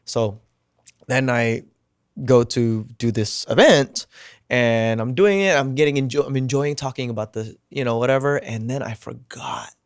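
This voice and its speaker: Animated man telling a story. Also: medium pitch, normal speed, clear, resonant tone, no room sound, clean studio sound. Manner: animated, swears casually, acts out quotes. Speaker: podcast guest. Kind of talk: casual storytelling.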